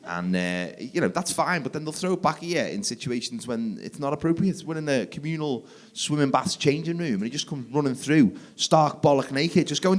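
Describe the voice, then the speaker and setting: Man, forties, stand-up comic, fairly high voice, loud punchlines. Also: fairly quick. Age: 40s. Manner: energetic, jumps to loud shouted punchlines. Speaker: stand-up comedian. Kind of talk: stand-up comedy set. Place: theatre stage, live audience.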